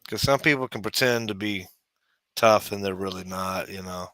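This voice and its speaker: A man's voice: low-pitched, moderate pace, a bit bright, no room sound. A man in casual chat, rambling with lots of "you know" and restarts.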